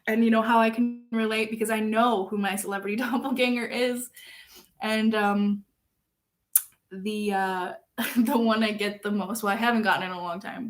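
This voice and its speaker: Casual self-deprecating woman streamer. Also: medium pitch. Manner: self-deprecating, laughs often, swings from loud outbursts to soft mumbles. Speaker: streamer reading viewer chat. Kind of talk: casual chat.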